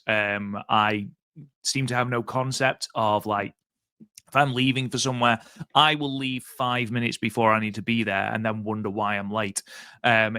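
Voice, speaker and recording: A man's voice: lowish voice, pushed and bright, smooth, dry recording. A man co-hosting a podcast over a remote link, chatting casually in a rambling, self-deprecating way full of ums. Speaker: podcast co-host.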